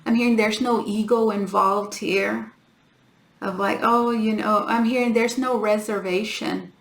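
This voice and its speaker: Woman giving a tarot reading, halting. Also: medium pitch, fairly even intonation, creaky, reverberant. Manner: halting, repeats herself, keeps saying "guys". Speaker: tarot reader.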